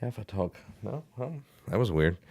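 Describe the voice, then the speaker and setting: A man's voice: lowish voice, sing-song, moderate pace, mellow, no echo. A young man with a Southern American accent, chatting as a podcast co-host and telling rambling stories with lots of fillers and easy laughs. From Southern United States. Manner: rambling storyteller, many fillers, laughs easily. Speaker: podcast co-host and school band director. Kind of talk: casual podcast chat.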